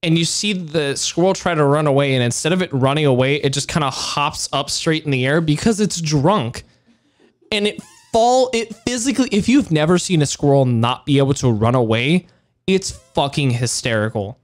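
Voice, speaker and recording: A man's voice: fairly high pitch, expressive, normal speed. A man co-hosting a podcast in casual chat, telling stories animatedly, laughing often and swearing freely. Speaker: podcast co-host.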